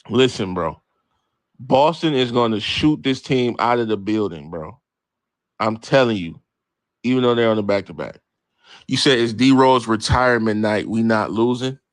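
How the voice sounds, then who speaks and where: A man's voice: medium pitch, no echo. A man hosting a late-night sports livestream, bantering with his chat in a brash, profane way and cursing freely. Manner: brash, animated, reads and answers chat, swears freely. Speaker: livestream host. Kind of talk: casual profane sports talk to live chat.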